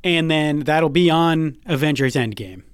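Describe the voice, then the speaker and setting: A man co-hosting a podcast in casual chat, animated and quick to laugh. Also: fairly high pitch, clear, resonant tone, dry recording, studio quality. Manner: animated, quick to laugh, reads quotes in a put-on voice. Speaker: podcast co-host.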